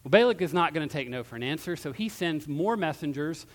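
A male pastor preaching a sermon in a church, retelling a story in a conversational way with a quiet close. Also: fairly high pitch, lively intonation, quick pace. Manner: conversational storytelling, dropping softer at ends of phrases. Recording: long hall reverb.

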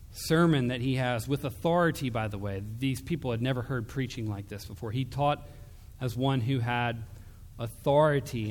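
A man preaching a sermon in an earnest, emphatic way, dropping soft and low when he quotes. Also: in a large hall.

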